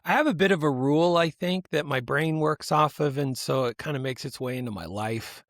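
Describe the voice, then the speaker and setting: A man's voice: a little high, brisk, dry recording. Dry-voiced man reading stories casually. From United States. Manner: rambling, self-interrupting, laughs while reading. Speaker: podcast host. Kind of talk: casual podcast chat, reading news stories.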